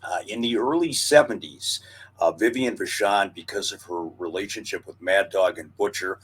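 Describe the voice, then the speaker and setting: A man co-hosting a podcast, telling wrestling history in a measured, knowledgeable way. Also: low-pitched, fairly bright tone, husky. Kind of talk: casual chat.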